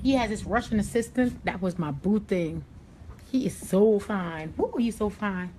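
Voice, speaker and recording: A woman's voice: medium pitch, lively intonation, a little slow, warm tone, slight background noise. A woman from New York hosting a live hair tutorial, chatting sassily and directly to her viewers. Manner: sassy, chatty, addresses viewers directly as "y'all" and "honey". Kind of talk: casual live-stream chat while styling hair.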